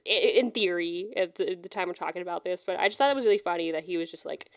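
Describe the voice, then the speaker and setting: Animated young woman, close and dry. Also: on the low side, fast, few pauses, no room sound. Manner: animated, acts out characters' lines in playful voices. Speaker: podcast co-host. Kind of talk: casual book-club chat.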